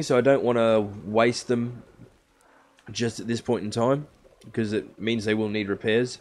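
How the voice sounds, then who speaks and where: A man's voice: fairly low pitch, steady tone, unhurried, darkish tone. A man streaming a survival game live, casually explaining each step to his viewers. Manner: chatty, explains steps to viewers.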